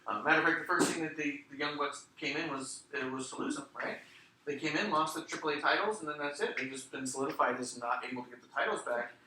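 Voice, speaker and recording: A man's voice: on the high side, quick pace, bright, forceful tone, roomy sound, recorded from a distance, slight background noise, poor audio. A man co-hosting a casual wrestling chat show, blunt, sarcastic and full of swearing. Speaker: podcast co-host.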